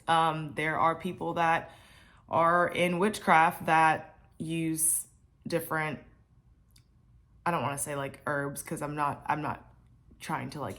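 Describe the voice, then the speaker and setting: A woman's voice: deep voice, fairly bright tone. A woman vlogger giving a casual Bible reflection, chatty with many fillers and asides.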